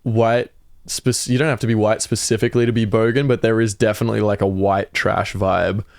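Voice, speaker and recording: A man's voice: fairly low pitch, level tone, fairly quick, gravelly, darkish tone, no echo, clean studio sound. A young American man hosting a podcast in casual chat, curious and hesitant, asking questions with many fillers. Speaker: podcast host.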